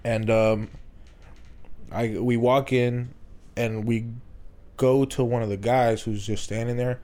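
A man's voice: medium pitch, flat delivery, slow pace, a little mellow. A man casually telling a long story on a podcast, rambling and swearing, laughing often. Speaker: podcast co-host.

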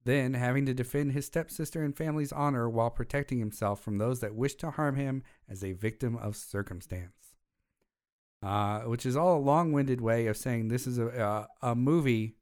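Casting: young male podcast co-host, mid-pitch, relaxed, reads credits then jokes around. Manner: reads plot summaries and credits, then jokes and swears casually. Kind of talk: casual movie review chat.

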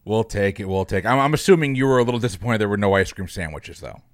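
A man's voice: fairly low pitch, quick pace, slight background noise. A man hosting a casual podcast chat, joking and greeting each guest by name. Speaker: podcast host.

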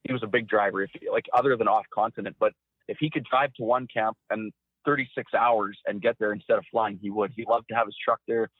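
A man recounting hunting stories as an interview guest, animated and acting out quotes in a raised voice. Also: lowish voice, quick pace, dry recording. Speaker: guest, former hunting cameraman. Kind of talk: storytelling interview. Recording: dry, phone-like narrow sound.

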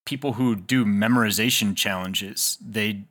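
A man's voice: fairly low pitch, unhurried, a bit bright. A young man as a podcast guest, thinking aloud in a hesitant, casual way. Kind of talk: casual conversation.

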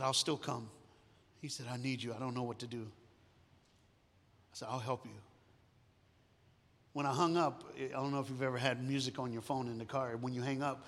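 A man preaching a storytelling sermon, moving between hushed and loud, sometimes singing lines of a song. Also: medium pitch. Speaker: guest preacher. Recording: long hall reverb.

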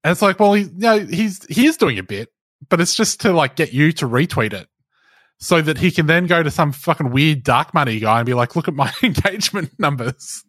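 A man's voice: on the high side, expressive, brisk, a bit bright, dry recording. A man co-hosting a casual podcast chat, talking with wry, dry teasing. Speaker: podcast co-host.

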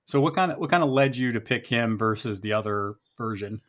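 A podcast co-host with a mid-range male voice talks briskly in a casual game recap chat. Easygoing, he asks questions and lists off game pieces.

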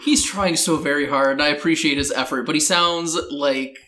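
Brief: man co-host in casual film podcast, crisp bright tone, joking asides, casual swearing. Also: on the high side, steady tone, normal speed. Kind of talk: casual film review chat.

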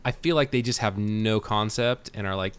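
A man's voice: moderate pace, clean tone. A man in his thirties from California hosting a podcast, chatting casually and animatedly with his guest. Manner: animated, jumps into exaggerated high voices for quoted people. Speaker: podcast host.

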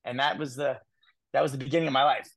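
A man in his thirties from the United States, a guest telling his life story in an interview, animated and quick to repeat words. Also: medium pitch, gravelly. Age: 30s. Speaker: guest speaker.

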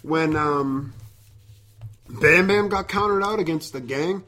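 Podcast co-host, male, swears a lot, acts out bits, animated. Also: a little high, takes it slowly. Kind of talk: casual wrestling podcast chat.

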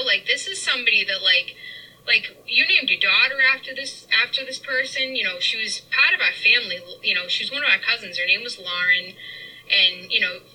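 Bright-voiced woman telling a candid story. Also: mid-range voice, breathy edge, rough recording. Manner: candid, profane, rambling. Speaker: podcast co-host. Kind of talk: casual storytelling. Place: inside a parked car.

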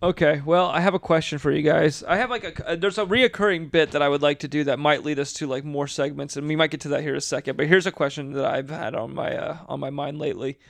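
A man's voice: on the high side, steady tone, fast talker, vocal fry, few pauses. A man co-hosting a casual podcast with his brothers, jokey and setting up segments. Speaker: podcast co-host. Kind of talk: casual chat.

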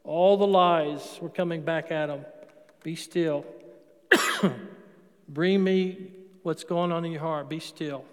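A man's voice: fairly high pitch, steady tone, slow, long pauses, clean tone, long reverb tail. A man preaching a sermon as a Catholic priest, talking conversationally and putting questions to the congregation before answering them. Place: church.

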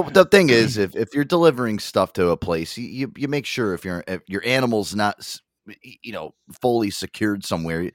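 Animated, swearing man telling a story. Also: lowish voice, dry recording, clean studio sound. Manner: profane storyteller, acts out voices in his stories. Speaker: podcast host. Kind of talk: casual podcast chat.

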